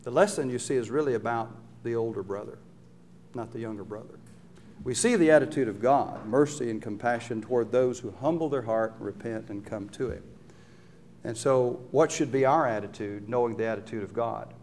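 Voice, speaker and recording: A man preaching a sermon, telling a Bible story with lively acted-out quotes and rhetorical questions to his listeners. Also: mid-range voice, normal speed, slight background noise.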